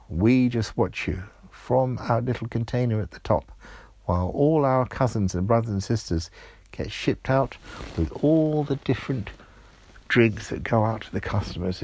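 A man voicing small, protective talking straws in a told story, soft and earnest. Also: medium pitch. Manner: soft, earnest, explaining patiently.

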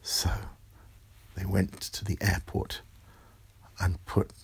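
A man telling a bedtime story in a soft, hushed, often whispered voice. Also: sits low, completely flat delivery, takes it slowly, husky.

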